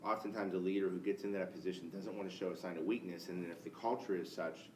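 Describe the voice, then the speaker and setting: A very deep-voiced man asks a long question from the audience, circling back and restarting as he searches for words. He is picked up from far across an echoey room, with a faint hiss behind him. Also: steady tone, fast, darkish tone. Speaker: audience member asking a question. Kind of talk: spoken question from the floor.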